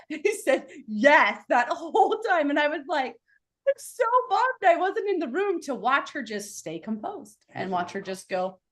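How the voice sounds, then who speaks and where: Gushing, animated woman coach. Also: high voice, measured pace. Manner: gushing, animated storyteller who acts out voices. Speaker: speaking coach and host. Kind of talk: enthusiastic casual chat. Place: online video call.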